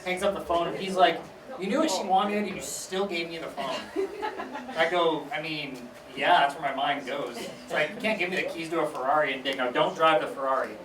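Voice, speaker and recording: A man's voice: on the high side, fairly quick, a crowd in the background. Young man doing stand-up in an echoey hall. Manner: conversational, deadpan asides, acts out family voices. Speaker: stand-up comedian. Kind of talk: stand-up comedy set. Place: small theater stage. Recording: echoey room recorded from far off.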